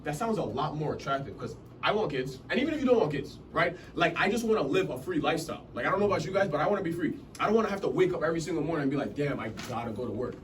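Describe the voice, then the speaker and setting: A man's voice: fairly high pitch, expressive, racing, few pauses, a little hiss or hum. A man in his twenties from Massachusetts gives a motivational talk to a room, chatting casually and often checking that his listeners follow. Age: 20s. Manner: casual, keeps checking in with the audience. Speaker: motivational speaker at a business meeting. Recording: distant mic in a room with faint ambience.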